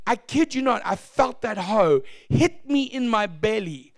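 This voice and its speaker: A male pastor telling his testimony in a sermon, animated and storytelling, acting out shouts and laughter. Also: sits high, unhurried, no room sound, studio quality.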